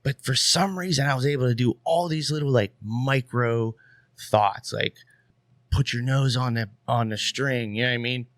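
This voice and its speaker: A man in a mid-range voice tells a story as a podcast guest, loose and animated, with casual swearing and a habit of checking in with "you know what I mean." The sound is close and dry, with no room echo. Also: mid-range voice, moderate pace.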